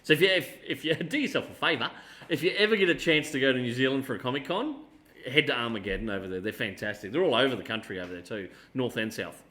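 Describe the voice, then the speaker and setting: An Australian man hosts a casual geek podcast with a bright, forward tone. He chats loosely, laughs easily and slips into jokey impressions. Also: medium pitch, expressive, fast talker. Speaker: podcast co-host. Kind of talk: casual chat.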